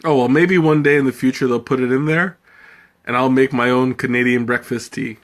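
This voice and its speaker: A man's voice: mid-range voice, fairly even intonation, brisk. A man hosting a live tea tasting, chatting casually with viewers, laughing often and thinking aloud. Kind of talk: casual live-stream chat, answering viewer comments.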